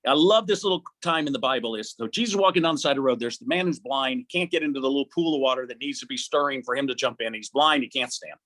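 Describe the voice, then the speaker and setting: An older man preaching a sermon in a rambling, impassioned way with a husky voice. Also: medium pitch, fast, few pauses, fairly bright tone. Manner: rambling, impassioned, laughs often.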